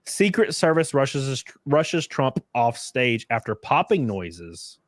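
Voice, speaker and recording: A young man hosts a casual political livestream and talks loosely, cursing and mocking. His pitch swings widely as he acts out other people's reactions. The sound is dry and close. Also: sing-song, takes it slowly, no room sound. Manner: loose, profane, mocking, acts out quotes with big pitch jumps. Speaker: livestream host.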